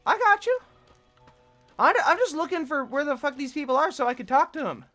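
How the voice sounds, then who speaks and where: Woman streamer, slightly high voice, crude jokey play-by-play, faint music underneath. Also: sing-song, fairly quick, fairly bright tone. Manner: crude, joking, sighs often. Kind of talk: casual gaming commentary.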